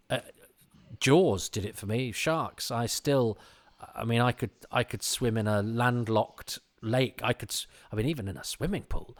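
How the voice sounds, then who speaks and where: A man giving casual commentary on an old TV episode, rambling and often restarting his sentences. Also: medium pitch. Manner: rambling and self-interrupting, frequent restarts.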